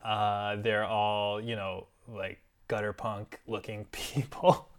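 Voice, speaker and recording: A man's voice: fairly low pitch, flat delivery, slow, smooth. A young man co-hosting a podcast, telling a story in casual chat and acting out other people's lines as he goes. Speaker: podcast co-host.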